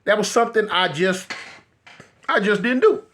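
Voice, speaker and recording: A man vlogging a casual street story in a slangy, animated way, talking straight to his viewers. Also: sits high, moderate pace, slight background noise.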